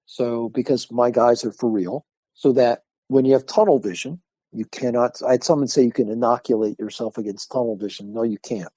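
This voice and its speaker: An older man, a martial arts instructor, talking as a guest in an interview, animated and acting out the voices of people in his stories. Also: mid-range voice, a little fast, slightly rough, no echo. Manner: animated storyteller, acts out quoted voices. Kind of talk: casual interview talk.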